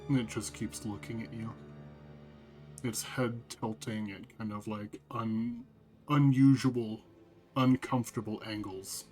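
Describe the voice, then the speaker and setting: A man narrating as game master of a tabletop game, describing scenes in a slow, halting way. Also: lowish voice, level tone, a little mellow, faint music behind.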